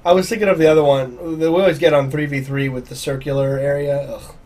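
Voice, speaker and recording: A young man co-hosting a gaming podcast from his home office, halting and restarting his sentences. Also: fairly high pitch, steady tone, darkish tone. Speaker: podcast co-host and editor. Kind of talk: casual chat.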